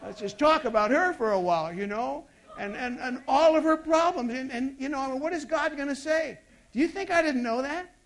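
Speaking at a moderate pace in a voice that sits high, a pastor moves through his sermon between forceful outbursts and quiet, personal asides. He keeps asking the congregation rhetorical questions.

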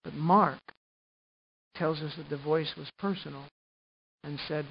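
A man preaching a sermon as pastor, animated, swinging from hushed tones to loud emphasis and often repeating words. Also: on the high side, unhurried, vocal fry, long pauses, muffled recording, slight background noise.

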